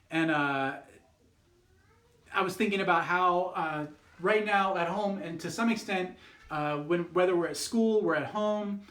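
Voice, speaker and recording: A man's voice: a little high, a bit bright, echoey room. A man, a youth pastor, telling a fable in a casual, rambling way, with lots of fillers and restarts. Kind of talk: youth group devotional talk.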